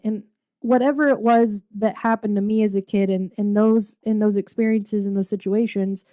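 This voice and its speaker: A woman around forty, chatting candidly on a podcast about raising kids. She rambles a bit, restarting sentences and leaning on fillers, in an average-pitched voice with a dry, close sound. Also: fairly even intonation, normal speed, dark tone, dry recording. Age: 40s. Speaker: podcast co-host. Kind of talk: casual chat.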